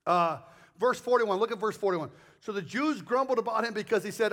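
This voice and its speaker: A man's voice: high-pitched, a little fast, a bit bright. An older man preaching as a guest speaker, joking and acting out crowd voices as he talks. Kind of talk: sermon.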